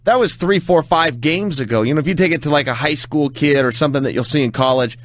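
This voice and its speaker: Earnest, fairly high-voiced podcast co-host man. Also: quick pace. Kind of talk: casual podcast chat.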